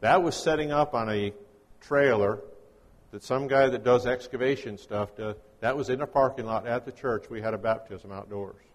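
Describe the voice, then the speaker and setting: A man's voice: medium pitch, normal speed, big-room sound. A man delivering a conversational, folksy sermon as a guest preacher, mixing scripture readings with casual teaching. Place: church.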